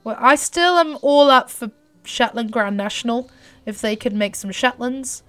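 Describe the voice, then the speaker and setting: A young British woman giving excitable commentary while playing a horse racing game, urging her horse on. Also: a little high, normal speed. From Britain. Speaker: gaming YouTuber. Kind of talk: live gameplay commentary.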